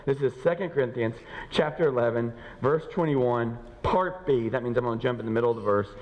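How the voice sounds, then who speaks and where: A man preaching a sermon as pastor, conversational and joking, acting out scripture quotes in lively asides. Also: mid-range voice, fairly quick, big-room sound, low-quality recording. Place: church sanctuary.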